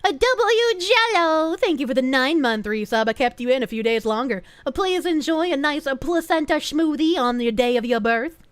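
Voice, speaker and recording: A woman's voice: high-pitched, fairly quick, hardly any pauses, clean tone, no room sound. A woman VTuber streamer chatting casually on a live stream and thanking donors, playful and bubbly with cutesy baby talk and sarcastic asides.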